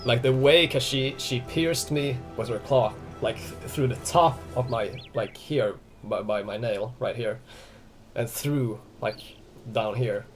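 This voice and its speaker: A young streamer talks over a game in an easy, meandering way. He trips over his words, restarts his sentences and swears freely. Soft game music sits quietly under his voice. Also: mid-range voice, unhurried. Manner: rambling, many restarts and fillers, swearing freely. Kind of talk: casual live-stream chat.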